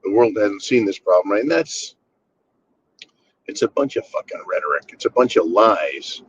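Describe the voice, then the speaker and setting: A man's voice: lowish voice, big pitch swings, normal speed, breathy edge, no echo. Profane, sarcastic ranting man. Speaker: channel host. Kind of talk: ranting commentary monologue. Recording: slightly dull lo-fi sound.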